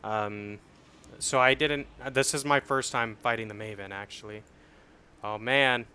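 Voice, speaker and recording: A young man casually explaining his game build on a livestream, swearing and getting excited once the fights start. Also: fairly low pitch, unhurried, clear, resonant tone. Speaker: streamer. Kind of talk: casual gameplay commentary.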